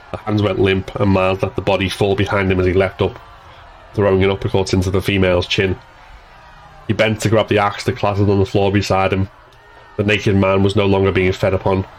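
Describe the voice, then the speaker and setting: A man narrating an action scene as a scripted audiobook reading, in a steady, measured way. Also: low-pitched, a little hiss or hum, rough recording.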